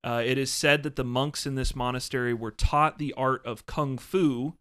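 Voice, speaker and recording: A man's voice: medium pitch, fairly even intonation, moderate pace, sharp tone, clear, resonant tone. A young man co-hosting a casual podcast, laughing easily and explaining history at length. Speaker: podcast co-host.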